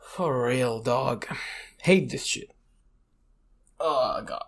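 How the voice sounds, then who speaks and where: Young guy from iraq ranting on a podcast, mid pitch, swears constantly, lots of you know. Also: drawn-out words, gravelly. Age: young adult. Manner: rambling storyteller, swears a lot, leans on "you know". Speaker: podcast co-host. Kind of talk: casual chat.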